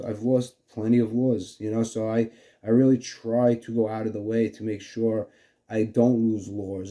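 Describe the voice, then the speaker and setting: A man's voice: on the low side, warm tone. A man with a New York accent casually demonstrating fishing lures, rambling with many fillers like "you know". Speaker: fishing channel host.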